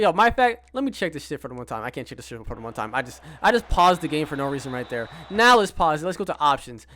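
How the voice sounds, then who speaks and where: Excitable man calling his football game. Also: on the high side. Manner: excitable, swearing, play-by-play with trash talk. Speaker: gaming streamer. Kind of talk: casual game commentary.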